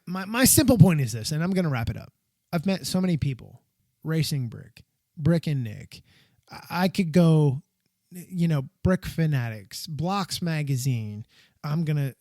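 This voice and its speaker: An American podcast host with a slightly high voice speaks solo into a close mic in a dry recording. His talk wanders warmly from idea to idea, and when he gets excited his pitch jumps up.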